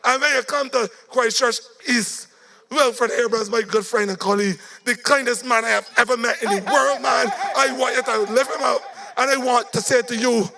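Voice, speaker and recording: A Barbadian man giving a fiery, sing-song political rally speech, his voice going hoarse. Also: extremely high pitch, steady tone, moderate pace, bright, forceful tone. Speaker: political speaker.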